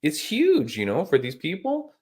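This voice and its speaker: A man hosting a casual podcast chat, telling stories in an animated, emphatic way with casual slang. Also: a little high, moderate pace. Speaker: podcast host.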